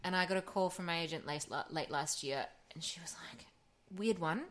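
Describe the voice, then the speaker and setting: A woman in her thirties tells audition stories in a casual podcast chat. Her voice sits a little low but is bright and forceful. She swears freely and throws herself into acting out what other people said. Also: normal speed. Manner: animated storytelling, swears freely, acts out quotes. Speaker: actor and audiobook narrator, guest.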